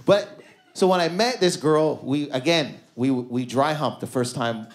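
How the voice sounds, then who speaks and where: A man in his thirties doing a stand-up comedy set in a club, loose and conversational, throwing quick asides to the crowd. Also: mid-range voice, background noise. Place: comedy club stage before a live audience.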